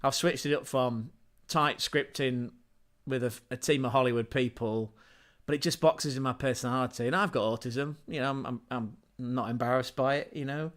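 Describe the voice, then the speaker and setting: A man's voice: medium pitch, fairly even intonation, moderate pace, few pauses, a bit bright. A man hosting his own livestream in a casual, rambling way, scatterbrained and self-deprecating, often restarting his sentences and chuckling as he digresses. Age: adult parent. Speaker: channel host and livestreamer.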